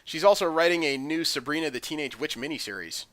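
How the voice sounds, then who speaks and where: A man's voice: a little high, expressive, fast talker, fairly bright tone, no echo. A man hosting a podcast, chatting through comic news with frequent ums and uhs. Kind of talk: casual chat.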